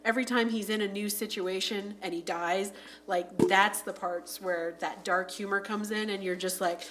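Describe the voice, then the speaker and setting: A woman on a podcast chatting casually about a film, full of "like" fillers and acting out scenes in quick voices. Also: medium pitch, fairly even intonation, fairly bright tone, a little hiss or hum. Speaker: podcast panelist. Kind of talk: casual movie review chat.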